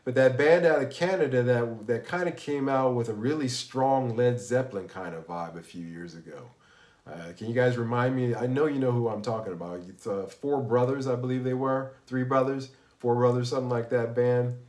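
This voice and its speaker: A man's voice: mid-range voice, moderate pace, darkish tone, roomy sound. A man hosting a casual live stream about music, rambling with many restarts, sounding unwell and tired. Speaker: livestream host.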